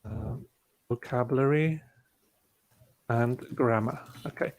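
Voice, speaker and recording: A man presenting an online webinar, calmly talking through each click of a teaching tool step by step. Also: medium pitch, slow pace. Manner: relaxed, talks through clicks step by step with fillers. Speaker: presenter demonstrating a teaching platform. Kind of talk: casual online webinar demo. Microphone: video call.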